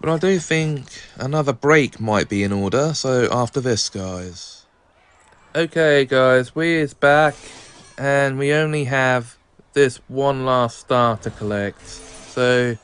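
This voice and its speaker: A man hosting a game playthrough, talking directly to his viewers in an unhurried way. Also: mid-range voice, clean tone. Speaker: gaming channel host. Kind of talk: let's play commentary.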